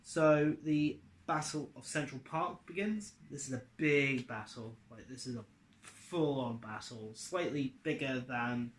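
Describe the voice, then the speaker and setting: A man's voice: mid-range voice, measured pace. A man casually explaining his own story adaptation to viewers, in a loose, offhand way with fillers and the odd swear. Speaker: video creator summarizing his series adaptation. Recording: echoey room.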